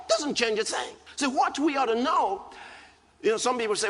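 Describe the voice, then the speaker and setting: A man with a Nigerian English accent preaching a sermon, emphatic, dropping low and calm then rising to loud outbursts. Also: moderate pace, long reverb tail. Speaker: pastor.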